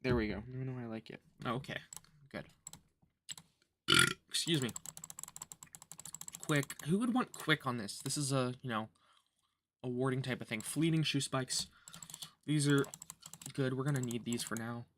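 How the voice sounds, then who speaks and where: A man's voice: mid-range voice, normal speed, long pauses, pushed and bright, slight background noise. A man casually commenting on his gameplay during a livestream, joking and sarcastic, muttering to himself and chewing gum as he plays. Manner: joking, sarcastic, talks to himself while playing. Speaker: gaming livestreamer.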